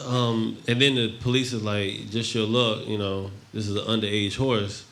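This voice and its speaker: A man doing a stand-up set on a comedy club stage, telling a long story in a deadpan way and acting out the other people in it. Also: lowish voice, moderate pace, vocal fry. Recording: noisy live club recording.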